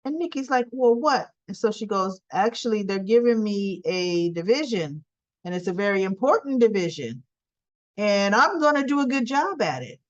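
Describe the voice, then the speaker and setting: A woman's voice: medium pitch, expressive, moderate pace, lo-fi sound. A woman casually recapping a soap opera episode, animatedly quoting the characters' lines in lifted voices.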